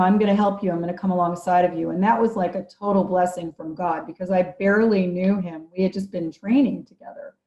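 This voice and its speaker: A woman's voice: lowish voice, warm tone. A middle-aged woman, a podcast guest, telling her personal story in an earnest, vivid way. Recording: echoey room, dull lo-fi sound.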